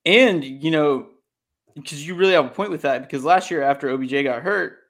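A man's voice: on the high side, fairly quick, fairly bright tone. A young man in casual sports chat, laid-back and hesitant, with many fillers.

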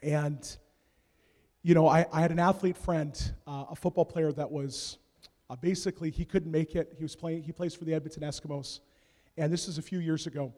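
A man from Canada preaching a sermon, telling stories with swings from hushed asides to loud shouts. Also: a little high, steady tone, normal speed. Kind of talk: sermon storytelling. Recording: long reverb of a large hall.

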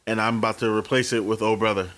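A man in his early forties co-hosts a casual podcast chat, an animated storyteller who swears freely and acts out the dialogue himself. His voice is fairly low, and he talks at a quick pace.

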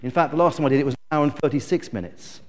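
Male preacher, middle-aged, high-pitched, emphatic storyteller, big church reverb. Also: rapid-fire. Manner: storytelling, emphatic, self-correcting. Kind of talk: sermon.

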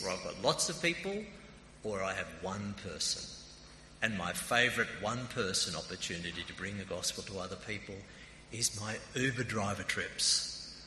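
A man's voice: lowish voice, sharp tone. An Australian man preaching a sermon in a conversational, anecdotal way, as principal of a theological college. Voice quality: introverted by nature. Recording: echoey hall with long reverb, faint noise.

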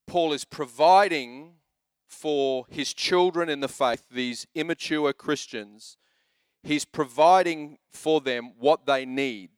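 Brief: lively male pastor in his thirties, joking sermon delivery, slightly high voice, dry close sound. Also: takes it slowly, clear, resonant tone, no echo. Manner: animated, joking storyteller who shifts into exhortation.

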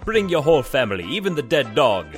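A man voicing the Grim Reaper as a cheery pitchman with a put-on Jamaican accent in a mock radio ad. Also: very animated, fast talker, music in the background, close to an everyday voice. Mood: salesy cheerful. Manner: upbeat sales pitch.

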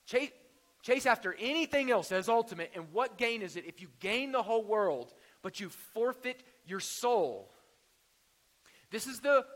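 A man's voice: sits high, fairly bright tone, in a large hall. A man preaching a sermon in a conversational way, with jokes and rhetorical questions. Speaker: pastor.

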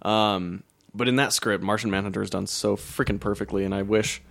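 A man's voice: on the low side, fairly even intonation, fairly quick, creaky, a bit bright, no echo, clean studio sound. A man co-hosting a casual podcast, joking around and reading news items aloud. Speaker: podcast co-host. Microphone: podcast mic.

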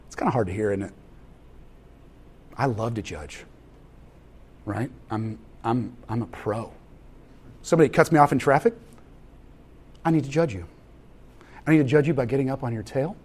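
Animated male preacher, thirties, wide-ranging and slightly high delivery, storytelling sermon. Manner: animated, acts out family scenes with voices. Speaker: pastor.

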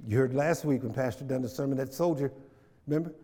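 A man's voice: medium pitch, fast, warm tone, big-room sound. A man leading a Bible study in church, moving from plain talk to fervent preaching, often asking the room questions and repeating phrases. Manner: builds from conversational to fervent preaching. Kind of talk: church teaching with call and response.

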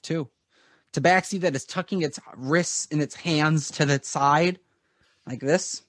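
A man narrating as game master of a tabletop game, rambling with many pauses. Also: fairly high pitch, a bit bright, no room sound, clean studio sound.

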